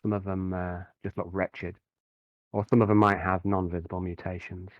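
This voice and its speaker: A man narrating as game master in a tabletop game, describing scenes with frequent halting fillers. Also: sits low, little pitch movement, no echo, highs cut off.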